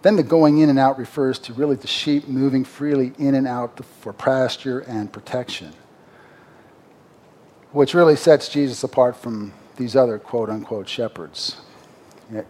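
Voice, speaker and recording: A man's voice: mid-range voice, warm tone, a little hiss or hum. A man preaching a sermon, explaining a Bible passage in a conversational way and rising emphatically when he reads the verses.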